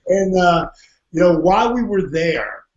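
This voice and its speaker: A man with a notably high voice tells a story with energy, laughing often and acting out the voices of others. The audio sounds dull and lo-fi. It has a roomy echo around it. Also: expressive, measured pace. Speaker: podcast guest. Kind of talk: animated storytelling.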